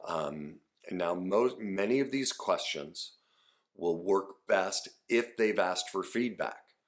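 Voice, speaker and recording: Middle-aged male coach, deep voice, earnest conversational teaching. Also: lively intonation, takes it slowly. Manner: earnest, conversational, acts out example dialogue. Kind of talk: direct-to-camera teaching.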